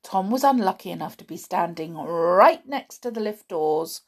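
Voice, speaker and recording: Expressive woman reading a children's story. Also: fairly low pitch, normal speed. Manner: expressive, dramatic. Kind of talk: reading a children's book aloud.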